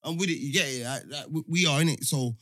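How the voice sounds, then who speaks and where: A man's voice: fairly high pitch, fast, bright, forceful tone, dry recording, clean studio sound. A man talking in a casual chat, slangy and rambling, often trailing off. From London.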